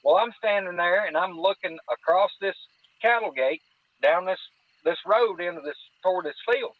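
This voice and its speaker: A high-voiced man speaks at a moderate pace with no echo, the sound dry and tinny like a phone line. As a podcast guest, he tells a hunting story in a folksy, casual way, repeatedly saying "I said" as he recounts conversations.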